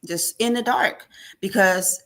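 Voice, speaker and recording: A woman guest in an interview, telling an emotional personal testimony with animated storytelling and acted-out dialogue. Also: mid-range voice, slow. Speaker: podcast guest.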